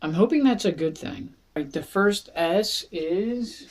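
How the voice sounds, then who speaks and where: An unhurried, easygoing voice from Philadelphia walks through a casual wine review. The reviewer chats and jokes along the way, taking plenty of time between thoughts. The pitch sits in a middle range for the speaker. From Philadelphia, USA. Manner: chatty, jokey, self-deprecating, with laughs. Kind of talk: casual product review vlog.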